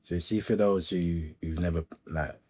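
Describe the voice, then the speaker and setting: A man's voice: deep voice, steady tone, normal speed, mellow, breathy edge. A man hosting a podcast interview, mostly giving short agreements and asking loose, casual questions. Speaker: podcast host.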